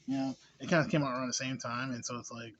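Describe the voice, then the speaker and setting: A man's voice: mid-range voice, steady tone, quick pace, fairly bright tone, a little hiss or hum. A man giving a casual movie review, laid-back and slangy, rambling with lots of fillers and laughs. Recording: dull lo-fi recording.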